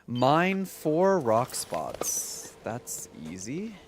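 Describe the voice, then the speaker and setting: Animated, chatty male streamer. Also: mid-range voice, very slow, background noise. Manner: chatty, rambling, heavy use of "like"; talks to chat while playing. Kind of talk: casual gameplay commentary.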